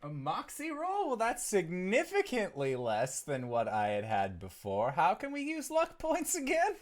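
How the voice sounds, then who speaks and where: A woman's voice: lowish voice, wildly swooping pitch, a little slow. A woman playing a tabletop game, casual and profane and often laughing, over a video call. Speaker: player.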